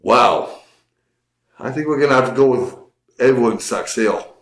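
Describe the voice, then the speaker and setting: A man's voice: mid-range voice, a little slow, a bit bright, roomy sound. A man co-hosting a casual show, reacting to posts with wry jokes. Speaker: co-host. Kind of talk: casual chat.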